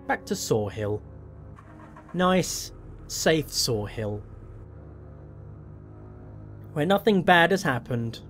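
A man's voice: a little high, sing-song, slow pace, a bit bright. Wry man commenting on gameplay. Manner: wry, self-mocking, thinking aloud. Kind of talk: playing a game with commentary. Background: faint game music.

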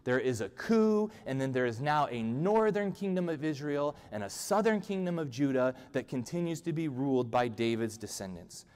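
A man's voice: mid-range voice, expressive, moderate pace, hardly any pauses, darkish tone, smooth. A male pastor giving a humorous, conversational sermon in a church. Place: church sanctuary. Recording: long church-hall reverb.

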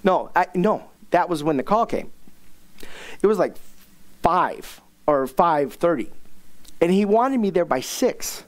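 A man's voice: fairly high pitch, unhurried, long pauses. A middle-aged man, a pastor, telling a humorous personal story in a sermon, self-mocking and acting out the people he quotes. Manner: animated, self-mocking, acts out quoted dialogue.

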